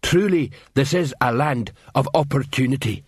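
A man voicing a slow, dim-witted male troll who talks in broken, simple words, read as an audiobook character. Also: mid-range voice, slightly rough, no room sound, clean studio sound, natural voice. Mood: slow, blunt.

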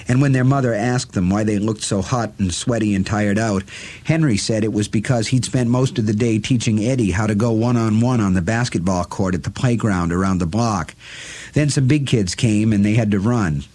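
A man reading a novel aloud as an audiobook narrator, in a measured, deliberate storytelling manner. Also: fairly low pitch, a little mellow.

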